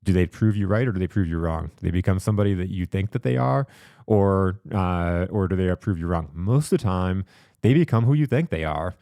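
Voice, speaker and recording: Man, very low pitch, mellow, dry close sound, reflective, repeats himself. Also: fairly quick, dry recording. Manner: rambling, repeats words, reflective. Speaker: podcast host. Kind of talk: candid personal storytelling. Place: studio.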